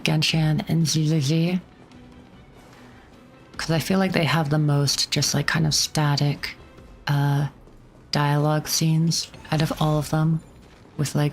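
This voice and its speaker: A woman streamer giving casual game commentary in a chatty, rambling manner full of likes and restarts. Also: low voice.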